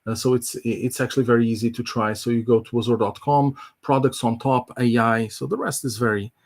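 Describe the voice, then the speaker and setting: A man's voice: medium pitch, fairly even intonation, brisk. A man presenting a live online tech demo, explaining in a casual, filler-heavy way.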